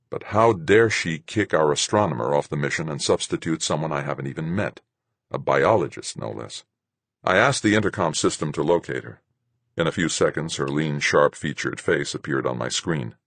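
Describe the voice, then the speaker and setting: Very deep, husky male narrator. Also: no room sound. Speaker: audiobook narrator. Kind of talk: first-person audiobook narration.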